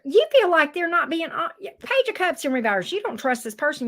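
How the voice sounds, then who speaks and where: A woman's voice: very high-pitched, big pitch swings, normal speed, hardly any pauses, fairly bright tone. A middle-aged woman giving a casual tarot reading, teasing and talking straight to the viewer in a sassy way. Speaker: tarot reader.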